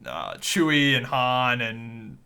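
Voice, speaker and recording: A man's voice: medium pitch, sing-song, slow, creaky, sharp tone, clear, resonant tone. A man co-hosting a podcast in casual chat, loose and profane, rambling through his points with restarts. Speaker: podcast co-host.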